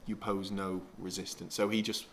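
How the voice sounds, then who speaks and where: Low-voiced man teasing his co-host. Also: flat delivery, normal speed, a bit bright, slight background noise. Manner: crude, teasing storyteller who laughs often. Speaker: podcast co-host. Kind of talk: casual chat.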